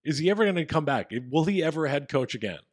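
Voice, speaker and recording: A man's voice: fairly high pitch, sing-song, fast, dry recording, studio quality. A man co-hosting a podcast, talking casually and rambling through his points. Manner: rambling with fillers and restarts. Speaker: podcast co-host. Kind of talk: casual chat.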